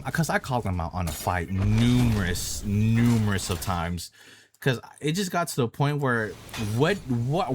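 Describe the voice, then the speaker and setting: A man's voice: medium pitch, a little hiss or hum. A young man telling a personal story about a coworker in an angry, heated rant, cursing a lot and repeating himself. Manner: angry ranting with heavy cursing. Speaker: vlogger.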